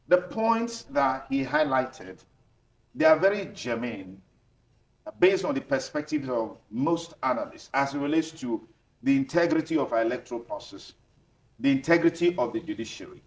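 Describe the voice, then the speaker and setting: A man hosting a panel discussion, framing questions in formal, measured phrasing. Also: medium pitch. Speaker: talk show host. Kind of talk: moderating a panel debate.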